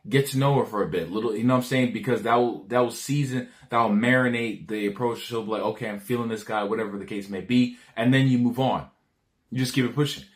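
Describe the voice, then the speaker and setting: A man's voice: medium pitch, a bit bright. A man talking loosely through dating advice in a medium voice. He stumbles over restarts and repeated words, and leans heavily on slang and casual swearing. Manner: rambling, frequent restarts, slangy and profane; acts out dialogue lines.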